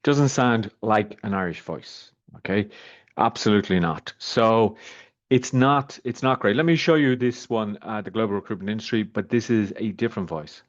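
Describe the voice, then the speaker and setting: Low-voiced man thinking aloud in a demo. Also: normal speed. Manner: rambling, thinking aloud with many fillers. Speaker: software reviewer. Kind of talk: casual screen-share product demo. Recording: slightly muffled, dull audio.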